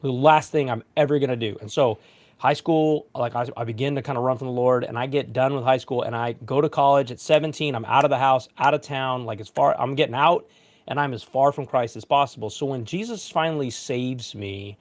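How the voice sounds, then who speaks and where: A man in his forties, a pastor hosting a casual livestream chat, telling a story with lively, self-mocking asides. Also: medium pitch, fairly quick. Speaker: pastor and show host.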